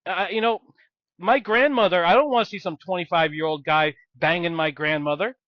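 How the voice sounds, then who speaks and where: A man's voice: sits high, fairly quick, no echo, lo-fi sound. A man co-hosting a podcast, rambling and blunt as he chats about films. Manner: rambling, emphatic, blunt complaints. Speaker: podcast co-host. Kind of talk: casual film discussion.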